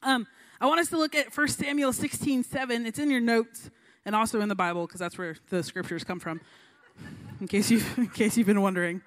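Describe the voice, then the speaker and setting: Young woman, high voice, casual youth sermon full of chatty asides and little acted-out voices. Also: a little fast. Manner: chatty, lots of fillers and likes, acts out voices in stories. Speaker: youth pastor.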